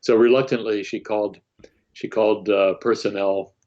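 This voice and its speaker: An older man, a guest in an interview, telling a long anecdote in a halting way, full of fillers and restarts. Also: lowish voice, fairly even intonation, a little mellow. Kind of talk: anecdotal storytelling. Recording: muffled lo-fi audio.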